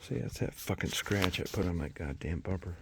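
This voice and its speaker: A middle-aged man vlogs casually in a fairly low, creaky voice, talking a little fast over a noisy background. He wanders between grumbling and musing, swearing freely and mocking himself with dry, wry humor.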